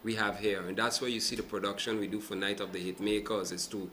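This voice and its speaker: Animated businessman explaining, bright voice. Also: fairly low pitch, quick pace, a little hiss or hum. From Sint Maarten. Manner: animated, explains with examples and asks "right?". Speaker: event producer and businessman guest. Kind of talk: live TV talk show interview.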